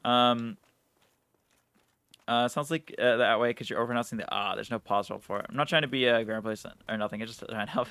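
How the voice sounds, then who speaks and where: A man's voice: mid-range voice, bright, forceful tone, no room sound. A man streaming a game live, chatting casually in a rambling way, swearing and laughing at himself. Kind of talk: casual live-stream chat while gaming.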